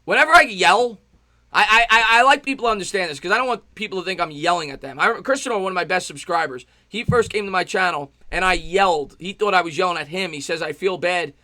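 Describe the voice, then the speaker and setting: Host type: fired-up New guy, high, piercing voice, dry close mic, live play-by-play. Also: no echo. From New York. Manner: loud, passionate, fast-talking. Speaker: livestream sports host. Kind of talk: live play-by-play and chat reaction.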